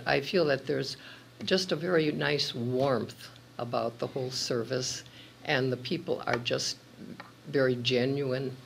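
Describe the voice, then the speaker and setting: Very gravelly man speaking sincerely. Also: mid-range voice, steady tone, unhurried, a bit bright, a little hiss or hum. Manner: sincere, searching for words. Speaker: church member. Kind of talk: interview testimony.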